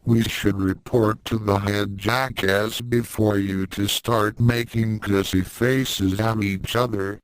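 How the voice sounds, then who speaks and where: Cocky, mocking young fighter read by a man, low and unhurried. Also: fairly even intonation, clear, resonant tone, dry recording. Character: cocky, brash young male martial artist.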